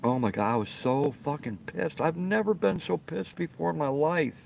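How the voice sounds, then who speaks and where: Gravelly middle-aged man telling stories by the fire. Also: a little high, lively intonation, moderate pace, a little mellow, a little hiss or hum. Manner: rambling, profane, keeps checking in with "okay?". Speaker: livestream host. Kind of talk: casual storytelling. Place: outdoors by a fire pit at night.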